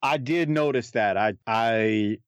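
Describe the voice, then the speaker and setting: A man's voice: medium pitch, slow, smooth, dry recording, studio quality. A man co-hosting a casual commentary chat, rambling with many restarts and fillers. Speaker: podcast co-host. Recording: dull lo-fi recording.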